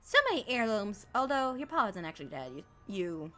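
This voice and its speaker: A woman's voice: mid-range voice, a little fast, faint music behind. A woman streamer reading a game's text aloud and joking about it as she plays. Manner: animated, jokey, mocks the game text. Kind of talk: reading game text aloud with playful commentary.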